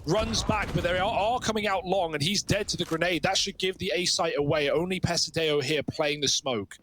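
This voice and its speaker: A man casting a live esports match with excitable, fast play-by-play. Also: high-pitched, slight background noise. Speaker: esports caster.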